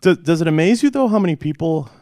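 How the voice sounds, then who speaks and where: A man's voice: a little high, expressive, fast talker, dark tone, dry recording, studio quality. A man hosting a podcast, asking long, earnest questions in a casual interview. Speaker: podcast host.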